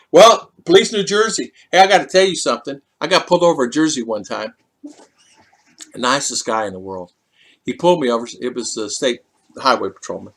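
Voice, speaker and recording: Chatty middle-aged man with lively pitch. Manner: rambling and repetitive, with many restarts. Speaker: livestream host reading viewer comments. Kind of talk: casual livestream chat.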